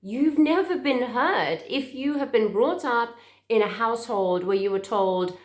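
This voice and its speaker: A woman's voice: fairly high pitch, lively intonation, a little slow. A woman, a therapist talking earnestly to camera in a heartfelt way, often repeating words as she searches for them. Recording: echoey room.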